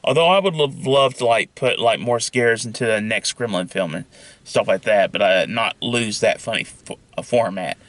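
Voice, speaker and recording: A young man pitching his own film idea in a casual, rambling monologue full of fillers and restarts. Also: moderate pace, fairly bright tone, no echo.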